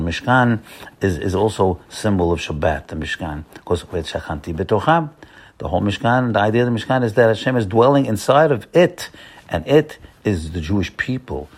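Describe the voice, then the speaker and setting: A man preaches a Torah lesson in an earnest, coaxing way, circling back and repeating key points. His voice sits on the low side, and he mixes Hebrew terms into everyday speech. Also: expressive, a little fast. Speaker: rabbi. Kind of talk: Torah sermon.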